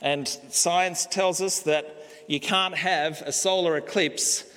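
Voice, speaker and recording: A male pastor preaching a sermon, slow and emphatic, pausing on key words. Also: a little high, steady tone, a bit bright. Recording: long hall reverb.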